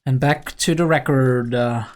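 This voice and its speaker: A man's voice: mid-range voice, fairly even intonation, a little slow, background noise. A young man hosting a reaction video, talking casually and rambling with lots of fillers and chuckles. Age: young adult.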